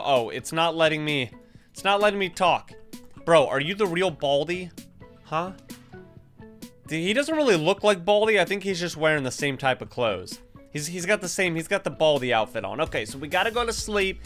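A young man giving excitable, chatty gameplay commentary and talking straight to his viewers. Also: mid-range voice. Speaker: gaming YouTuber.

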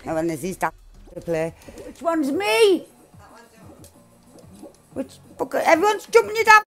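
A woman giving loud, excitable gameplay commentary, swearing freely, shouting and laughing. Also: extremely high pitch, measured pace, soft background music. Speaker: gaming channel host.

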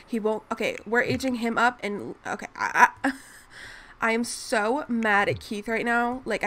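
Over clear background music, a woman running a gaming channel chats casually about her gameplay, playing up mock exasperation as she scolds the characters on screen. Her voice sits on the high side with a fairly bright tone.

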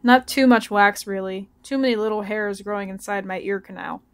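A woman's voice: mid-range voice, steady tone, a little fast, close to an everyday voice. A woman reading aloud as an old uncle who explains things in a matter-of-fact, lecturing way. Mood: explaining. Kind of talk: read-aloud story.

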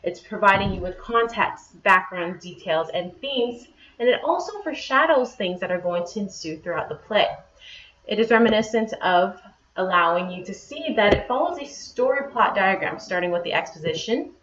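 A woman's voice: medium pitch, expressive, moderate pace, a bit bright. A woman teacher explaining patiently, step by step, in a classroom lesson. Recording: echoey, dull lo-fi room sound.

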